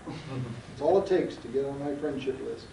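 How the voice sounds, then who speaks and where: A man's voice: medium pitch, normal speed, vocal fry, dark tone, slight background noise. Folksy male lecturer on a distant, roomy tape. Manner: folksy, emphatic, quizzes the class. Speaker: seminar lecturer. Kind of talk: classroom lecture with questions to students. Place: lecture room.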